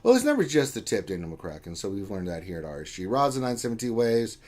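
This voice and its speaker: A man's voice: fairly low pitch, big pitch swings, fast, a little mellow. A man co-hosting a casual live stream, reading viewer chat aloud with joking, playful teasing.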